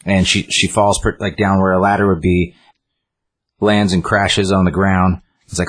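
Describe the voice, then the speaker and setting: A man's voice: sits low, steady tone, moderate pace, husky. A man casually retelling a comic book's plot and reviewing it, rambling with many fillers and restarts. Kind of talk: casual chat retelling a story.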